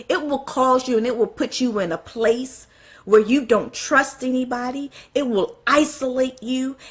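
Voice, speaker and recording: A woman delivers a fiery, passionate sermon to a gathering, piling up rhetorical questions. Her voice is bright and forward with a husky edge. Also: fairly high pitch. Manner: fiery, fires off rhetorical questions, apologizes for getting excited. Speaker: speaker at a church event.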